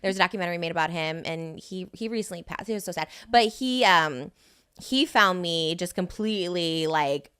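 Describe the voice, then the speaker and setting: A woman's voice: on the low side, a little fast, a bit bright, clean tone. A woman in her thirties, a podcast guest, talking candidly and rambling with lots of "like" into a studio microphone. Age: 30s. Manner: rambling, heavy use of "like". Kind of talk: candid casual chat.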